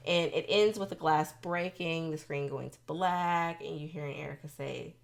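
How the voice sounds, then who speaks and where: A woman hosting a casual reality TV recap, expressive and sassy, throwing in quick asides. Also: sits low, creaky.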